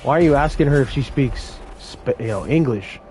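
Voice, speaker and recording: A man's voice: mid-range voice, normal speed, slight background noise. Brash man telling work stories. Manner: brash, animated retelling of confrontations. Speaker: fast food worker. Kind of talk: casual storytelling vlog.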